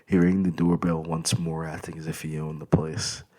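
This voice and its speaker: A man reading an audiobook in an expressive first-person storytelling way. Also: extremely low pitch, normal speed. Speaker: audiobook narrator. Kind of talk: scripted audiobook narration.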